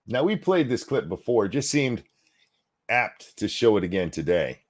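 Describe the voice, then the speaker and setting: A man hosting a live political commentary stream, sarcastic and animated, reacting to clips and thanking donors. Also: on the low side, normal speed.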